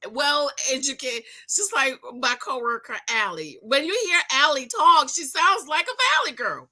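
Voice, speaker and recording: Middle-aged woman vlogger; lively, expressive delivery, casual and chatty, addresses viewers directly. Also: sits high, normal speed, few pauses. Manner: animated, chatty, laughs often, talks straight to viewers. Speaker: TV show recap vlogger. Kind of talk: casual reaction commentary.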